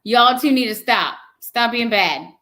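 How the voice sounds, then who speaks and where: A woman's voice: fairly high pitch, animated, measured pace, pushed and bright. A young woman, hosting a casual live chat and teasing her viewers with lots of laughter. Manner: playful, teasing, laughs often. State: pregnant. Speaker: livestream host reading chat.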